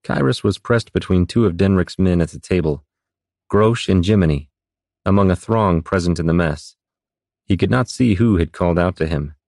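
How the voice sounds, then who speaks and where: A man narrating a fantasy audiobook with a very deep voice. His reading is steady and even, and the sound is dry and close, with no room echo. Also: moderate pace, vocal fry. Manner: steady, even storytelling delivery.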